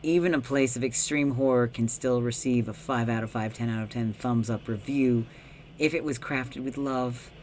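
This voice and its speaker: A smooth game narrator, read aloud by a man, coaxes the listener in a measured way. The voice stays at a middle pitch. It is plain, unforced reading. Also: steady tone, a little hiss or hum, lightly acted. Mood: coaxing.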